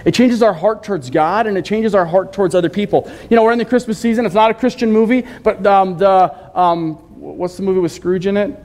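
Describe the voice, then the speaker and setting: A man with a high-pitched voice preaches to his congregation. He talks in a casual, conversational way and often asks the listeners questions. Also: fairly quick, hardly any pauses, a little mellow. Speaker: pastor. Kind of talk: sermon. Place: church sanctuary.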